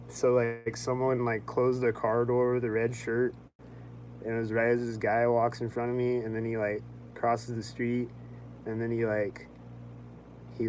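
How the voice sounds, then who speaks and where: A young man talking casually in a vlog, rambling and filling his speech with "like", quick to sound annoyed. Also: medium pitch, a little mellow, slight background noise, rough recording. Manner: rambling, heavy on "like", quick-tempered. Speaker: vlogger.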